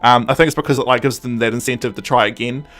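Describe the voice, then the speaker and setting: A man co-hosting a podcast, casually recapping an episode and acting out the characters in quick asides. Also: mid-range voice, fairly even intonation, a bit bright, faint music behind. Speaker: podcast co-host.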